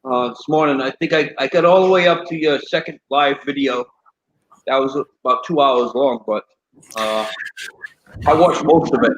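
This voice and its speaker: A man's voice: mid-range voice, moderate pace. A man chatting in a laid-back way as a guest calling into a live stream. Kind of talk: casual call-in chat. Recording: dull lo-fi call audio with faint noise.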